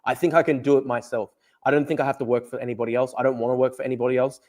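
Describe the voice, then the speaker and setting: A man's voice: medium pitch, flat delivery, racing, a little mellow. A young man hosting a livestream from his desk, talking in a fired-up, profane, rambling way as he reads chat. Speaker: livestream host. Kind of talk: casual livestream talk reading chat. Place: at a desk at home. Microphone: desk camera mic.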